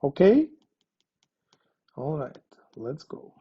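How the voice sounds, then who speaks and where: A man's voice: fairly high pitch, wildly swooping pitch, very slow, breathy edge, lo-fi sound. A man teaching a Spanish lesson, explaining patiently with frequent fillers. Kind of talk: language lesson.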